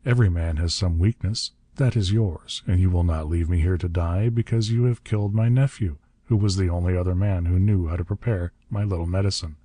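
A frail old ruler speaks with mild, benign calm that hides cold menace, as a man reads him in an audiobook. The voice sits very low and dark. The sound is close and dry. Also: brisk, hardly any pauses, breathy edge, dry recording. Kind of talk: audiobook narration.

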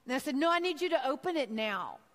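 High-voiced woman telling an earnest sermon story. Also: sing-song, fast talker, long reverb tail. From Texas. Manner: earnest, heartfelt, acts out her own thoughts in quotes. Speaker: speaker giving a devotional talk.

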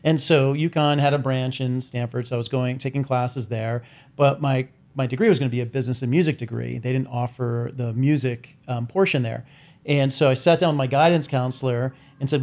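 A man's voice: mid-range voice, fairly even intonation, brisk, darkish tone. Guy in his 40s, chatty podcast cohost, rambles through stories and cracks himself up. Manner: chatty storyteller, laughs at his own jokes. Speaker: podcast co-host. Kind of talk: casual chat.

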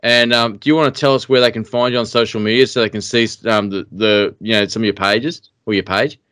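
A man's voice: fairly low pitch, fairly even intonation, brisk, a bit bright, no room sound. A man hosting a casual podcast interview, chatty and joking, with mock-formal introductions. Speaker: podcast host.

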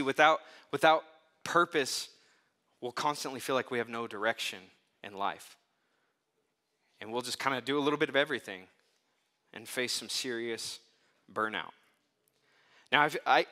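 Bright, forceful conversational male preacher. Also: mid-range voice. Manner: conversational, animated storytelling with casual asides. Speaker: pastor. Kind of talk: sermon.

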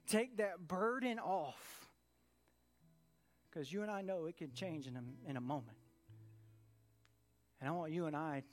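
A man preaching a sermon to a church congregation, earnest and emphatic, repeating key phrases. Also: sits high. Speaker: pastor. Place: church service in a room.

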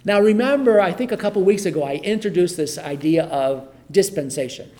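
Man with high voice, informal bible teacher, conversational, repeats phrases. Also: animated, moderate pace, darkish tone. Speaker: pastor teaching a Bible study.

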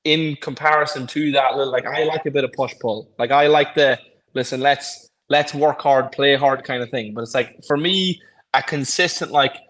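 A man's voice: medium pitch, brisk, fairly bright tone, low-quality recording. A man co-hosting a podcast in casual chat, encouraging and thinking aloud as he talks. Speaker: podcast co-host.

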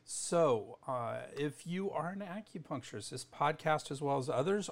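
A middle-aged man hosting a solo educational podcast, talking casually and correcting himself as he goes. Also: mid-range voice. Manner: casual, chatty, self-correcting. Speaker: podcast host.

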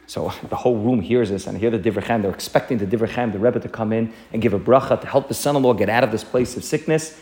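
Fast-talking man telling a lesson story. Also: lowish voice. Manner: animated storyteller, repeats phrases, earnest. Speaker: Torah teacher.

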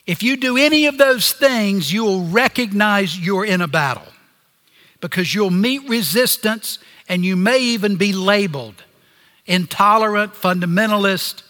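High, bright-voiced man preaching in a hall. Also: expressive. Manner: earnest, pausing preaching with phrases dropping low at the end. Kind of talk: sermon.

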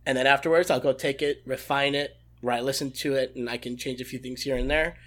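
Bright-voiced, animated young man. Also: medium pitch, fast talker. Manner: animated, enthusiastic storytelling. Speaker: guest voice impressionist. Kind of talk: casual interview answers.

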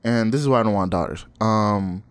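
A man's voice: on the low side, a little fast. Laid-back young man telling stories. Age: 20s. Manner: laid-back storytelling, swears freely, laughs often. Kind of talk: casual chat.

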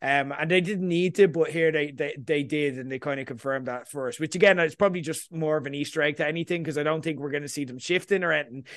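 A man hosting a casual podcast discussion, talking in an animated way and often asking "you know what I mean". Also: on the high side, fast, few pauses. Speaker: podcast host.

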